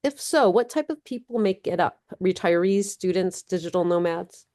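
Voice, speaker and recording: A woman interviewer asking her questions in an even, measured way. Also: fairly low pitch.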